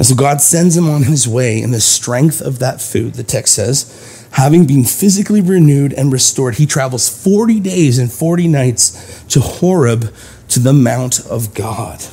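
Dark, husky-voiced male preacher. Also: mid-range voice. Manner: conversational preaching, acts out scripture dialogue. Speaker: pastor. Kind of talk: sermon.

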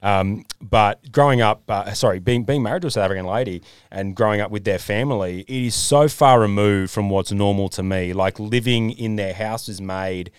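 Man, Australian accent, podcast co-host, casual storytelling, lowish voice, dry sound. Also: normal speed, hardly any pauses, clear, resonant tone, dry recording. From North Queensland, Australia. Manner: storytelling, animated impressions of others. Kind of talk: casual chat.

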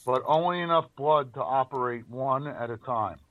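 A man's voice: medium pitch, normal speed, phone-quality sound. A man in a casual chat, teasing the others and cracking jokes. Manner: teasing, joking.

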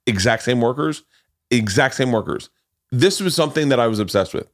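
A man hosting a podcast, telling stories in a lively, profane way. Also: mid-range voice, a little fast. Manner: animated, profane storytelling. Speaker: podcast host. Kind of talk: casual chat.

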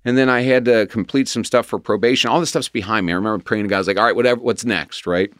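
A man's voice: on the low side, rapid-fire, a bit bright, clean tone, dry recording. A man talking candidly about his past in an open, self-deprecating way, as a guest in conversation.

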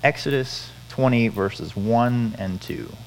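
A man's voice: medium pitch, takes it slowly, slight background noise, rough recording. A man preaching a sermon, earnest, repeating key phrases for emphasis. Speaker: pastor.

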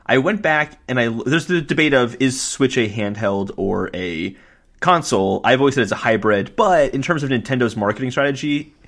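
A man co-hosting a casual gaming podcast, chatty and quick to laugh. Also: mid-range voice. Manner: laughs easily, animated. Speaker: podcast co-host.

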